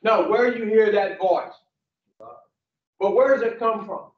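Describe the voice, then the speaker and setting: A man's voice: high-pitched, unhurried. A man gives a blunt, preachy motivational talk to a group, asking the room questions and swearing freely. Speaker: speaker addressing rehab patients. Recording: echoey, distant, dull lo-fi sound.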